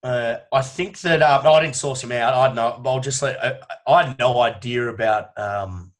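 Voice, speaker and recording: Speaking at a moderate pace with a medium-pitched voice, an Australian strength coach guests on a relaxed podcast interview. He curses liberally and tells lengthy stories with plenty of emphasis.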